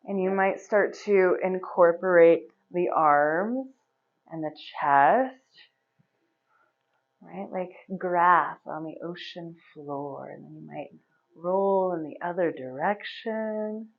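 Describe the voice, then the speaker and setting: A woman teaching a yoga class, giving relaxed, chatty instructions and laughing often. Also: on the low side, takes it slowly. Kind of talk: guiding a live yoga class. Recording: slightly dull, lo-fi recording.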